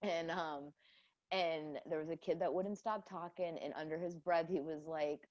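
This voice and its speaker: A woman's voice: deep voice, fairly even intonation, unhurried, dull audio, noisy background. Blunt, laughing young woman podcaster. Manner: blunt, profane, laughs often. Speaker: podcast co-host. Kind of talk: casual chat.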